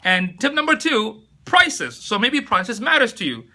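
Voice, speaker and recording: A man's voice: extremely high pitch, big pitch swings, a little slow, sharp tone. A chatty, upbeat man hosting a casual live-stream tutorial on his phone, greeting viewers by name as he talks. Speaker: live-stream host giving tips.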